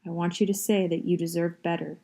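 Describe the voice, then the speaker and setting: A woman's voice: on the low side, flat delivery, a little fast, mellow. A woman reading the lines of an earnest, intense middle-aged male schoolteacher in a book reading.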